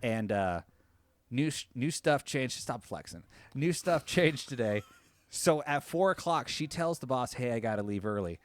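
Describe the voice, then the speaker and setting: A man co-hosting a podcast who tells a story in casual chat, swears freely and jumps into a high voice when he quotes people. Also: animated, measured pace, no room sound. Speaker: podcast co-host.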